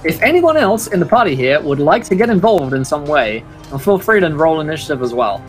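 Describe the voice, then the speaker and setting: A man's voice: a little high, very animated, a little fast, soft background music. A man narrating a tabletop game as game master, casual with many fillers.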